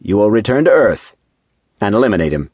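A man's voice: lowish voice, very animated, brisk, a little mellow, breathy edge, dry recording, voice pushed up. A man voicing a stern male angel who gives commands from a heavenly council in a storybook reading.

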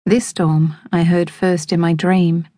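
Woman, audiobook narrator, lowish voice, close dry studio sound, measured. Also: flat delivery, mellow, no echo. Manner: measured, evocative storytelling. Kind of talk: scripted first-person narration. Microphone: close studio microphone.

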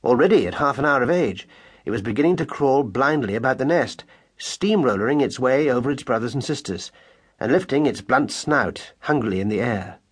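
A man reads a children's story aloud, measured and expressive. His voice sits in a middle register with a husky, slightly breathy edge. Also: medium pitch. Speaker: audiobook narrator. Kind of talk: scripted narration.

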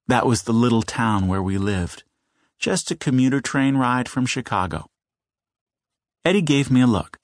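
Guy reading a kids audiobook, mid-pitch, dead dry close mic, slows down for the tense bits. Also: lively intonation, no echo. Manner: measured storytelling, slowing for suspense. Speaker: audiobook narrator. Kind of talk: scripted children's audiobook narration.

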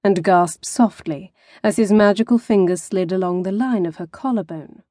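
Woman, audiobook narrator, expressive measured reading, middle pitch, dry close studio sound. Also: no echo. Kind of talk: scripted narration of a romance novel.

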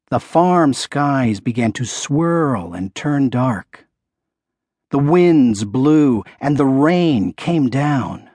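A man narrating a children's picture book, telling it expressively and sinking his voice low for the menacing parts. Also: no room sound, clean studio sound. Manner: expressive storytelling, dropping low for the bull's menace. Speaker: audiobook narrator.

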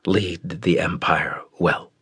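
A man's voice: low voice, steady tone, takes it slowly, fairly bright tone, breathy edge, no room sound, studio quality, exaggerated voice. A man narrating voices a solemn, resolute male emperor.

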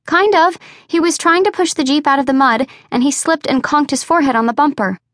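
A woman reading an audiobook, voicing a bubbly, nervous young pregnant woman who talks in a high, excitable rush. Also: fairly quick, no echo, studio quality. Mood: excitable, anxious. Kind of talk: audiobook character voice.

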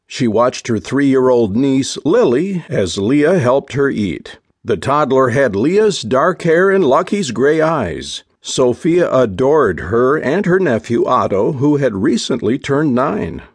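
A man reading a romance audiobook in measured, unhurried storytelling. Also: medium pitch, very animated, husky, no room sound, clean studio sound. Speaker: audiobook narrator. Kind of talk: scripted narration.

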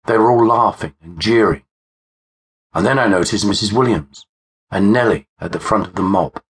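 A man narrating a first-person horror audiobook in a measured, grave manner. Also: fairly low pitch. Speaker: author and narrator.

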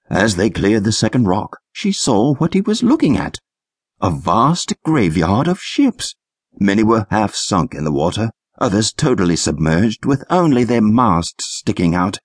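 Male narrator for a kids' adventure audiobook, lively reads, slightly husky, dry studio sound. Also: on the low side, a little slow, dry recording. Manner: lively, expressive storytelling. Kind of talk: scripted narration for children.

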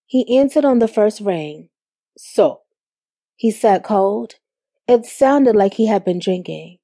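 A young adult woman reading a first-person story aloud with measured storytelling. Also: mid-range voice, animated, dark tone, no room sound, clean studio sound. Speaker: audiobook narrator. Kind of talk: first-person scripted narration. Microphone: studio microphone.

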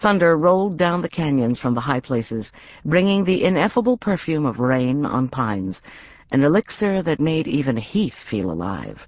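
Expressive woman narrating an audiobook. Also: low voice, moderate pace, no room sound, muffled recording. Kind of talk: scripted narration.

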